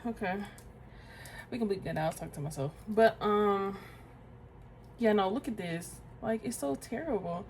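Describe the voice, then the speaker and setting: A woman's voice: medium pitch, moderate pace, long pauses, noisy background. A woman in her twenties chatting casually to viewers while doing her hair, talking to herself as she goes and calling them y'all and girl. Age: 20s. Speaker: beauty vlogger. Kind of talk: casual get-ready-with-me chat.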